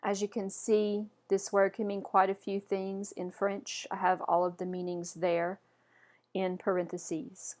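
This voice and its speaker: A woman gives a patient pronunciation lesson at a steady medium pitch. She pauses after each word so learners can repeat it, and she repeats herself calmly and clearly. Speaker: French pronunciation teacher. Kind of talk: instructional lesson. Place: indoors, camera off.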